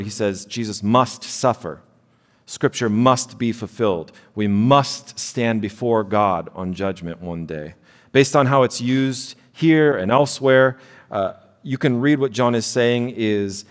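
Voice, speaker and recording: A man preaching a sermon in a conversational way, often checking in with his listeners with a quick "right?". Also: on the low side, long reverb tail. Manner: conversational preaching, frequent "right?" tag questions. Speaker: pastor.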